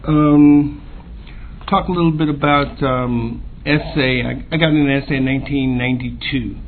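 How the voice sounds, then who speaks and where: A man sharing his recovery story at a convention, halting with pauses and fillers. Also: mid-range voice, steady tone. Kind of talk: personal recovery share. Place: convention meeting room. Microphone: podium microphone. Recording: tinny lo-fi tape with faint hiss.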